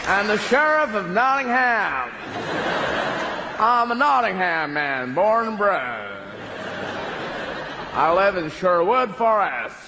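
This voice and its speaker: An English man putting on a slow, hammy American drawl as a smug Hollywood Robin Hood. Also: sits high, animated, a crowd in the background, background noise, full character voice.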